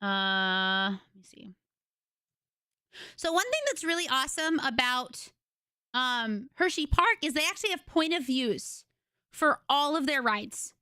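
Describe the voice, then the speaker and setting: High, bright-voiced young woman streamer. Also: unhurried, smooth, no room sound, clean studio sound. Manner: excitable, giggly, chatty storytelling. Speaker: livestreamer. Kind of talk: casual chat with a live audience. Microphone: desk microphone.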